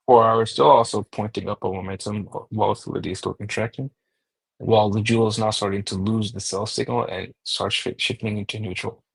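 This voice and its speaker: A man walking through stock charts aloud, steady and number-heavy, thinking out loud as he goes. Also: fairly low pitch, a little fast, vocal fry, breathy edge, no echo, rough recording. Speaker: market analyst host. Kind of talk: technical chart analysis.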